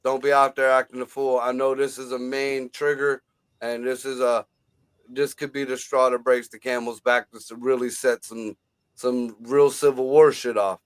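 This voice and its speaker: A man co-hosting a casual livestream chat, excitable and profane, given to conspiratorial talk. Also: medium pitch, moderate pace, clear, resonant tone, rough recording. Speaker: podcast co-host.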